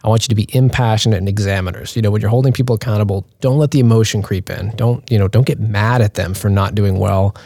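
Male flight unit leader, quick, dark and dry, plain-spoken. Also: lowish voice, fairly even intonation, no echo. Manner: brisk, direct, advising. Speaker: leader of instructor pilots. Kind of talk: roundtable talk.

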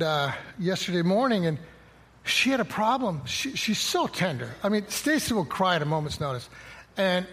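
A man's voice: high voice, a bit bright. A middle-aged man preaching a conversational sermon, quoting scripture and acting out little dialogues. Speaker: pastor.

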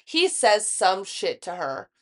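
A woman's voice: mid-range voice, slow pace. A young woman co-hosting a podcast, telling a story in casual chat and acting out what everyone said, with plenty of swearing. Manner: animated storyteller, swearing, acts out quotes. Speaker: podcast co-host.

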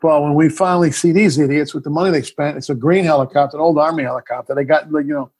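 Middle-aged guy, slightly high husky voice, acts out scenes while he tells the story. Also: fairly even intonation, fast, a little mellow. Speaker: filmmaker guest. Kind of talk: casual interview chat.

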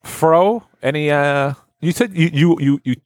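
A man co-hosting a podcast, teasing his partner with deadpan interjections in casual chat. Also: on the high side, a little slow, no echo. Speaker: podcast co-host.

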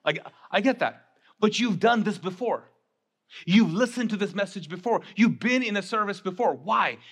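High-voiced man preaching a lively sermon. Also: normal speed, breathy edge. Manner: animated, conversational preaching with acted-out asides. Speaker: pastor. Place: church sanctuary.

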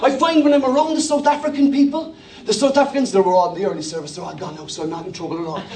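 High-voiced Irish pastor preaching with humor. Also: male voice, flat delivery, racing, dark tone. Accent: Irish, Cork. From Ireland. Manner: humorous, self-deprecating, storytelling. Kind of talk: sermon. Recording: echoey church hall from a distance.

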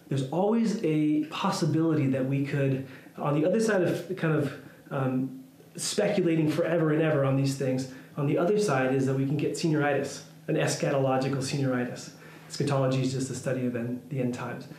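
A man's voice: medium pitch, darkish tone, reverberant, low-quality recording. A man preaching a sermon as pastor, talking in a loose, conversational way with frequent restarts. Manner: conversational, thinking aloud with restarts.

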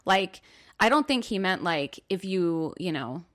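A woman with a somewhat low voice, co-hosting a casual conversation. She talks in a thoughtful, reflective way and carefully restates ideas in her own words. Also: animated, unhurried, a bit bright. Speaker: podcast co-host. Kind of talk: casual chat.

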